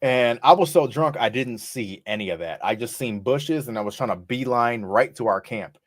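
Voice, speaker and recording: A man's voice: mid-range voice, expressive, moderate pace. Guy on a podcast mic, medium voice, cussing and laughing thru a drunk festival story. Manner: profane, laughing, acts out quotes loudly. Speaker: podcast co-host.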